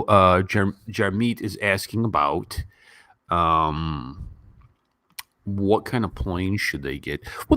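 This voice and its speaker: Low-voiced deadpan man answering viewer questions. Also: dry recording, clean studio sound. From Gary, Indiana, United States. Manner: sardonic, deadpan jokes, frequent ums. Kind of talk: casual live Q&A chat.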